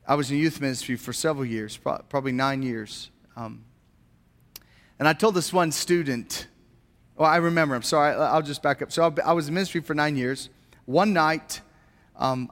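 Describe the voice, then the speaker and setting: A man's voice: mid-range voice, normal speed, a bit bright, big-room sound. A man preaching a sermon as a pastor, earnest and posing rhetorical questions to his congregation in a church.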